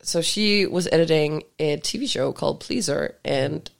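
A woman's voice: low-pitched, moderate pace, gravelly. A woman co-hosting a podcast, blunt and sweary in casual chat, laughing often. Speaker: podcast co-host.

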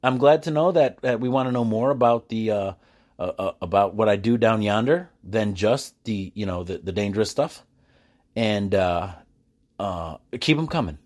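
A man hosting a casual solo podcast from his quiet house at night, talking in a chatty, animated way with frequent restarts and quick laughs. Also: on the low side. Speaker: podcast host.

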